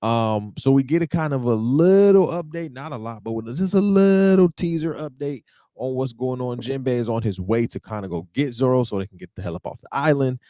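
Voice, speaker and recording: A man hosting a podcast, giving an animated, slangy recap of a manga chapter. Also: mid-range voice, a little fast, dry recording, studio quality. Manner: animated, slangy, repeats "you feel what I'm saying". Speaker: podcast host.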